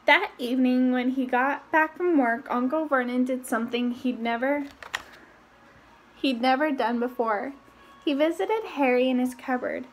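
A woman casually reading a novel aloud, breaking off for her own asides and lifting her voice for the characters' lines. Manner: reads quickly with asides, raising pitch for quoted voices. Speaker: reader.

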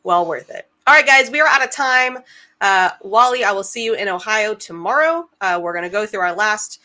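A woman's voice: mid-range voice, lively intonation, moderate pace, pushed and bright. A woman co-hosting a sports podcast, chatting in an upbeat way and plugging upcoming events. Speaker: co-host. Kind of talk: casual sports podcast chat.

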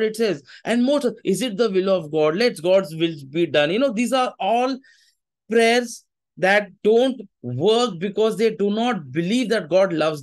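Man, preacher, high voice, emphatic, repeats himself. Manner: emphatic, repeats phrases, mixes in Hindi asides. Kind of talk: sermon.

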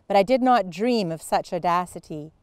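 A stern, enraged headmistress barks orders and cuts with withering scorn, as a woman reads her lines aloud. Her tone is clear and smooth, and the recording is close and dry. It sounds like a storybook read aloud. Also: on the low side, expressive, moderate pace, a little mellow, dry recording, close to an everyday voice. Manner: cold, commanding, withering. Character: stern furious headmistress, middle-aged woman.

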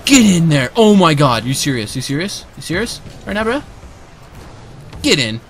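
A man giving casual live commentary over his own gameplay, excitable and quick to burst into shouts and repeated cheers, speaking close to a desk microphone. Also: on the high side, slight background noise. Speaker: gamer and video creator. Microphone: desk microphone, sitting close.

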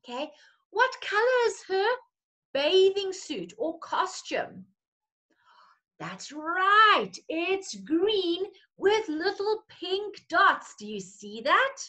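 A woman's voice: extremely high pitch, very animated, slow, pushed and bright. A woman teacher, reading a picture story to young children in a playful, coaxing way.

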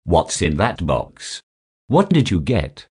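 A man reading simple scripted practice dialogues in a slow, even textbook delivery. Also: low voice, slightly rough. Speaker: dialogue reader for English practice.

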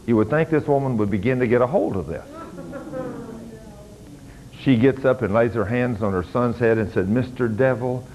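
An older man, preaching a sermon as a pastor and rising to loud, fervent commands. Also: medium pitch, moderate pace, long pauses, lo-fi sound, a little hiss or hum.

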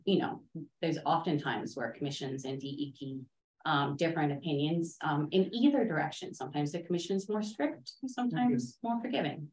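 A woman consultant speaking at a town board meeting, measured and technical, hedging her points. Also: low-pitched, darkish tone, slight background noise. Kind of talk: public meeting discussion. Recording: echoey meeting room.

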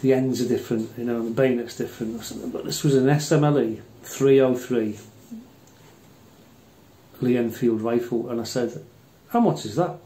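A man's voice: medium pitch, moderate pace, mellow. An older Englishman telling rambling, blunt, swear-filled army anecdotes in casual chat. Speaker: airgun channel host. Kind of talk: casual storytelling. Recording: roomy echo.

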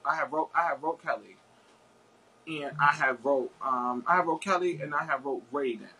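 A man's voice: a little high, normal speed, bright, forceful tone, slightly rough, rough recording. A man chatting as a guest, telling a story in a rambling way with many fillers and restarts. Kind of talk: casual chat.

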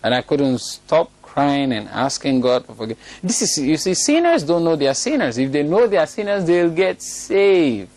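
A man's voice: fairly high pitch, sing-song, moderate pace, few pauses, a little mellow, dry recording. A man preaching a sermon, telling a story and breaking into laughter at it now and then. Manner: storytelling, laughs often at his own story.

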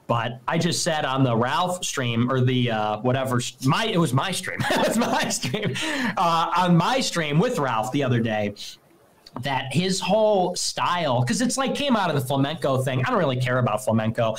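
A man's voice: on the high side, fairly bright tone, rough recording. Man ranting dismissively on a livestream. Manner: dismissive rant, mimics opponents in mocking voices. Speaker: livestream host.

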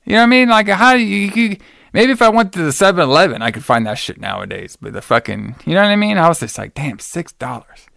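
A man's voice: high voice, lively intonation, fast, creaky, a bit bright, no room sound, studio quality. Profane casual man recapping a movie. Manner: loose, profane storytelling with many fillers. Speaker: podcast host.

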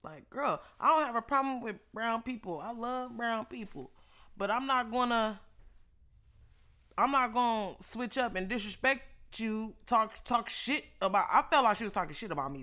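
A young woman tells a story in a loose, chatty way while she eats, cursing freely and laughing often. Her voice is bright and sharp, and her pitch sits in an ordinary middle range. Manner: animated, profane, laughs often. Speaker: vlogger. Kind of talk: casual storytime while eating.

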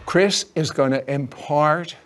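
A man's voice: fairly high pitch, slow, fairly bright tone. A man hosting a Christian TV interview, prompting his guest and speaking to viewers. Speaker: TV host.

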